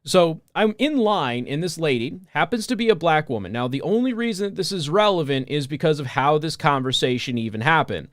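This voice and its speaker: American man, talk radio monologue, emphatic, animated, dry studio mic. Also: on the high side, a little fast, hardly any pauses, dry recording.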